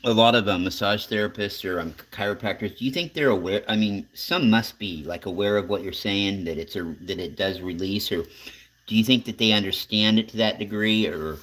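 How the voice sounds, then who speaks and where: Low-voiced guy hosting a chat show, rambles, restarts his questions a lot. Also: a little fast, fairly bright tone. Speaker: talk show host. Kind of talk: casual interview chat.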